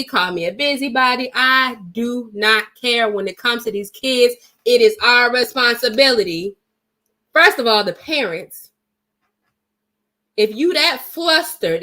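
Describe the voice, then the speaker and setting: Woman vlogger, fairly high voice, blunt and emphatic, swears freely, dramatic storyteller. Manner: lively, dramatic retelling. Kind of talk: casual storytelling vlog.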